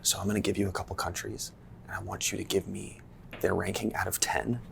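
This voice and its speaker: A playful man from Canada hosting a casual interview, quizzing his guest in a low, gravelly voice with fry at the edges. Light room noise sits faintly behind him. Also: little pitch movement, a little fast. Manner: playful, teasing, quiz-style questions. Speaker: host.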